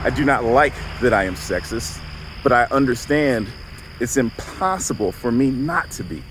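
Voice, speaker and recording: A man's voice: medium pitch, animated, moderate pace, background noise. A man in his forties from the Southern US with a Southern accent, a counselor talking in an earnest, conversational way with frequent check-ins. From Southern United States. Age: 40s. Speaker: counselor and vlogger. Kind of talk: reflective monologue. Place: outdoors, walking.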